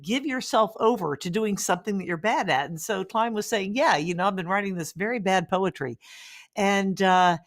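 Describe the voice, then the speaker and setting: A woman hosting a podcast interview, chatting casually and telling an anecdote with many fillers. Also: medium pitch. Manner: conversational, many fillers and restarts, affirming. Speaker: podcast host.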